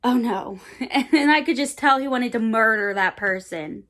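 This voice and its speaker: In a casual recommendation chat, a twenty-something woman who vlogs about books rambles a bit about favourites, full of fillers and playful slang. Her voice sits on the high side, a bit bright, with lively intonation at a moderate pace.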